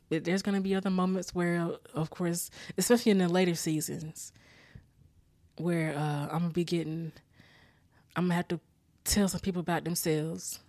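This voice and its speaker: A woman with a low-leaning voice casually recaps a sitcom on her podcast, laughing often, swearing plenty and telling it with animation. She's a little worn out after a rough weekend, and the recording has no echo.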